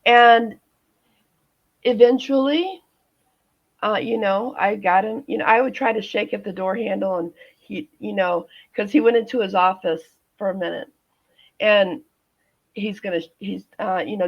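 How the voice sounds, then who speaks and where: Woman, 50s, guest telling her own story; gravelly, halting delivery, dull lo-fi recording. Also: mid-range voice. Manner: halting, many restarts and fillers. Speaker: guest, nurse. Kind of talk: personal storytelling in interview. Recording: dull lo-fi audio.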